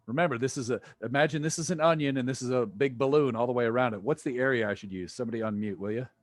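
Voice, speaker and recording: Racing along in a medium-pitched voice, a man teaches physics over video, cracking jokes and quizzing his students. There's no echo; the sound is dry and close-miked.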